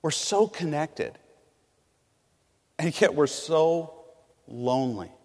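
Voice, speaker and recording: A man's voice: animated, slow pace, in a large hall. Man preaching with big swings in force. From California. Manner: swings from loud emphatic bursts to hushed low phrases. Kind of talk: sermon. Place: large hall on a college campus.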